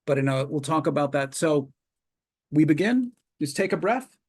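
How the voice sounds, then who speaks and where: A man, a psychologist leading a webinar, calmly guides listeners through progressive muscle relaxation with slow step-by-step cues and long pauses, speaking over a video call. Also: a little high, breathy edge.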